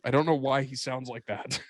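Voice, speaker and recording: A man's voice: medium pitch, steady tone, moderate pace, dry recording. A man talking as a podcast guest in a casual film-review chat, rambling, swearing and laughing often.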